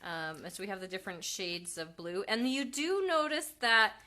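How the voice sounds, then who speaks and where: A woman's voice: mid-range voice, normal speed, bright, forceful tone. A woman hosting a casual live craft demonstration at home. She chats loosely, reads out viewer comments, and corrects herself with frequent ums. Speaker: craft livestream host and mother. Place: at home with her kids.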